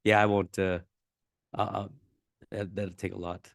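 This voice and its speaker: A man co-hosting a casual comedy podcast, bantering in a relaxed, laid-back way and chuckling often. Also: on the low side, a little slow, vocal fry, no echo, studio quality. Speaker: podcast co-host.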